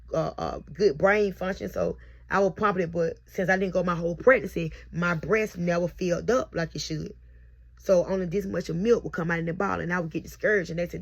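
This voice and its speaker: A woman's voice: lowish voice, creaky. A young mother recording herself on camera as she tells a heartfelt, repetitive birth testimony. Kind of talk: emotional personal testimony. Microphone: self-recorded on camera.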